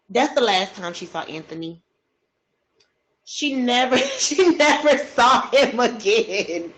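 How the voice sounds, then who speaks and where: A woman casually retelling a true crime story over a food video, chatty and slangy, with drawn-out asides. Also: a little high, big pitch swings, a bit bright, poor audio.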